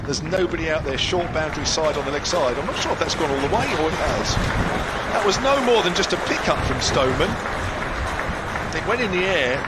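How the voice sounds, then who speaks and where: Excitable male cricket commentator, loud crowd. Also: mid-range voice. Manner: excitable, voice leaps up when wickets fall. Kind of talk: ball-by-ball commentary. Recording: loud crowd and outdoor noise behind.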